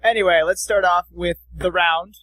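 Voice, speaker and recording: A man's voice: high voice, steady tone, normal speed, pushed and bright, no echo, low-quality recording. A man running a tabletop role-playing podcast as game master, joking and teasing his players.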